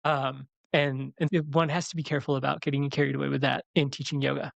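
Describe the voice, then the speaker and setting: A man's voice: medium pitch, level tone, quick pace, gravelly, lo-fi sound. A man who co-hosts a podcast and teaches yoga, explaining things in an opinionated, conversational way. His voice is recorded close and dry, with no room echo. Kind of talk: casual chat.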